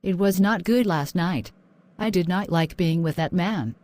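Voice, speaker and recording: A woman playing a shy, troubled young student in a cartoon story, in a fairly low, subdued and hesitant voice. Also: unhurried, a little mellow, natural voice. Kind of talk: animated story voice acting.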